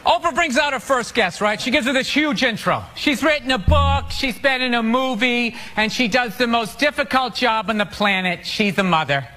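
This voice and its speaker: A male stand-up comedian ranting through his routine, often bursting into shouts, on a club stage with a handheld mic. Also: extremely high pitch, expressive, moderate pace, hardly any pauses. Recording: noisy live club recording. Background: audience laughter.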